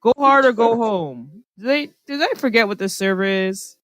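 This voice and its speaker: A woman's voice: medium pitch, moderate pace, a bit bright, dry recording. Twenties woman, Jersey accent, casual podcast host on a voice call, blunt and self-mocking, dry close sound. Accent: New Jersey. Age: 20s. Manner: blunt, sarcastic, laughing at herself. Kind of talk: casual chat. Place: online voice chat from home.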